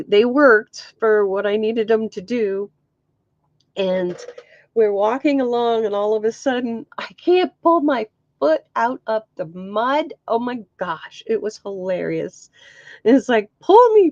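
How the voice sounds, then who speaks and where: A woman's voice: on the high side, dry recording, muffled recording. A middle-aged woman chatting casually to camera as a crafts vlogger, telling stories with frequent laughs and exclamations. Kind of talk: casual chat.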